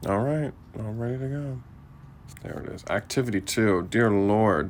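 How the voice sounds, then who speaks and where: A man's voice: lowish voice, normal speed, a little hiss or hum. A young man chatting casually and rambling with many hesitations, poking fun at himself while he practises a language lesson. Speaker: language learner vlogger. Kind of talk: casual chat while doing language drills.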